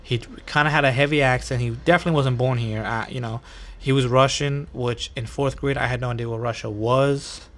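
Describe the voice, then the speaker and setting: A man's voice: mid-range voice, steady tone, brisk, a bit bright. Chatty New York podcast host, man. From New York City, USA. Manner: chatty, profane, bro slang. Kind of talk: casual storytelling monologue.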